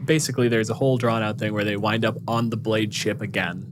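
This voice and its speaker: A man's voice: lowish voice, fairly even intonation, fast talker, noisy background. A man co-hosting a podcast, recapping a book in loose, profane storytelling full of fillers. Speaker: podcast co-host.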